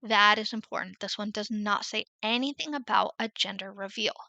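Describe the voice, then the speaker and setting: A woman's voice: mid-range voice, creaky, pushed and bright, dry recording, highs cut off. A woman, talking through a screen-share lesson in a chatty, explanatory way. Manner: chatty, explanatory, drawn-out emphasis. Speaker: Etsy selling coach.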